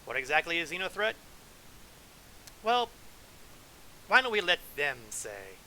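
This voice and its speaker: Man hosting a game stream, bright and tense voice, wry asides, faint hiss under it. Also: a little high, sing-song, a little slow, rough recording. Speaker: gameplay streamer. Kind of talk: casual game commentary, reading lore aloud.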